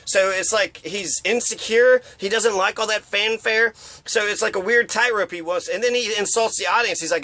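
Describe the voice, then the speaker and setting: A man's voice: high-pitched, normal speed, bright, forceful tone, dry recording. A man ranting in a rambling, profane, casual way, often mocking others with put-on voices. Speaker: commentator.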